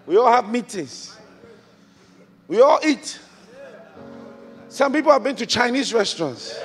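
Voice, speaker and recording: A man from Ghana preaching a sermon as a bishop, swinging from quiet reflection to shouted exhortation with repeated rhetorical questions. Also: very high voice, sing-song, measured pace, pauses often. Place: large church auditorium. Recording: large church hall with long reverb, music behind.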